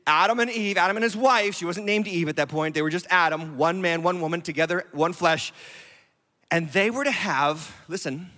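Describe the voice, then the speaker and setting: A man's voice: high-pitched, bright, forceful tone, long reverb tail. A male lead pastor giving a sermon to an online audience, emphatic and repeating key phrases for stress. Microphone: streamed online sermon.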